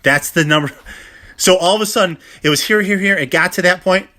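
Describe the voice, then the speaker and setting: A chiropractor talking casually to viewers in a phone livestream, emphatic and full of rhetorical questions. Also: male voice, high voice, fairly quick, pushed and bright.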